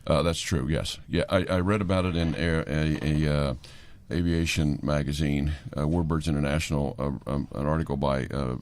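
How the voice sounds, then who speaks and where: A man's voice: very deep voice, steady tone, moderate pace, hardly any pauses, darkish tone, dry recording. An older man interviewed on a radio show, speaking earnestly and thoughtfully about a project he cares about. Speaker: aviation company CEO guest.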